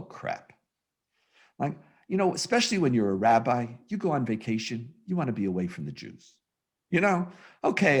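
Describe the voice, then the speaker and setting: A man who is a rabbi, giving a humorous storytelling lecture over a video call in an animated, self-mocking way. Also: mid-range voice, slightly rough.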